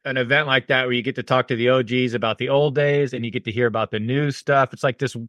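A man's voice: mid-range voice, fairly even intonation, fast talker, fairly bright tone, no room sound, lo-fi sound. Guy cohosting a podcast, easygoing and rambly, dry close sound. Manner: laid-back, rambling, enthusiastic. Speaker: podcast co-host. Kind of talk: casual chat.

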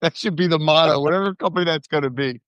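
A man's voice: a little high, quick pace, a bit bright, clean tone, no echo, muffled recording. A man in casual chat with friends, telling stories with energy and laughing at his own jokes.

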